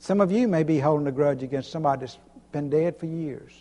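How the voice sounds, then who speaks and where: A pastor preaching an emphatic sermon, repeating himself and chuckling between points. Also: male voice, fairly high pitch, quick pace, dark tone. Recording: long hall reverb.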